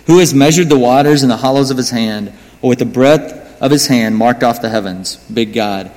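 A mid-range, somewhat dark male voice at normal speed comes from a pastor from the United States preaching in a church hall. His style is conversational and self-mocking, with side comments to the congregation, and the recording has a long hall reverb.

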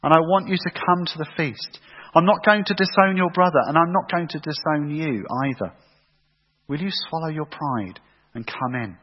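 Gracious loving father, voiced by a preacher, soft and pleading, husky tone, roomy hall echo. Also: a little high, normal speed. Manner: gentle, pleading. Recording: echoey hall, dull lo-fi sound.

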